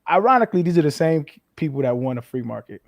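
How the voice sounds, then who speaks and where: Frank, animated man telling stories. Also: a little high, fast talker, dry recording, studio quality. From New Mexico, US. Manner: frank, profane, animated storytelling. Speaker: interview guest, former football player. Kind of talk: casual interview chat.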